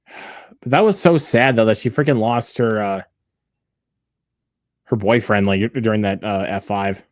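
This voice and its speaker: A man's voice: lowish voice, a little slow, no room sound. A man hosting a movie watch-along, chatting casually with many fillers and restarts.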